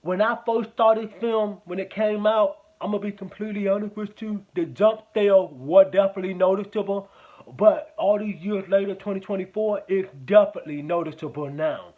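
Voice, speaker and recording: A man with a fairly high voice gives a casual spoken movie review at normal speed, rambling loosely, swearing often, and repeating the same points. The audio is thin and narrow, almost like a phone line.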